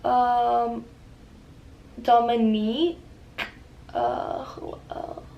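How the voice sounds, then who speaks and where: A young woman rambling casually in a makeup vlog, profane and excitable with lots of fillers, recorded on a camera mic at home. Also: a little high, very slow, creaky, muffled recording. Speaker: beauty vlogger.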